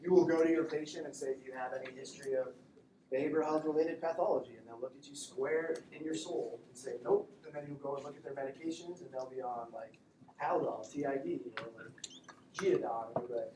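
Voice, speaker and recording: A man teaching a classroom lecture in a joking, conversational way, acting out quick exchanges with patients. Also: a little high, recorded from a distance, background noise. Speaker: instructor. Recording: echoey classroom recorded from afar.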